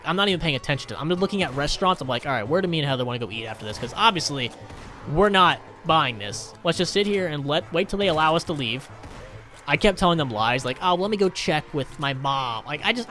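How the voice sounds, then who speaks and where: A man's voice: fairly high pitch, pushed and bright. A man telling a story in casual, profane commentary while playing a video game, ranting with lots of energy. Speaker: gaming YouTuber.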